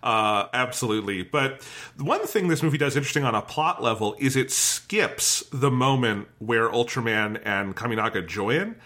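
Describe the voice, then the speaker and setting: A man co-hosting a film podcast, talking in a lively, casual way and swearing freely. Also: medium pitch, normal speed. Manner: animated, chatty, swears freely. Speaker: podcast co-host. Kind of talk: casual film review chat.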